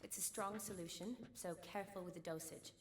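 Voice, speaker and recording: An actress playing a composed young female doctor in a video game, measured and precise in her speech. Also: mid-range voice, fairly even intonation, slight background noise, natural voice.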